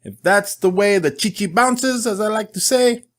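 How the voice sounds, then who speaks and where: A man's voice: high voice, normal speed. Candid middle-aged man telling a story. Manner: candid, joking, animated storytelling. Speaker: host. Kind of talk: casual monologue.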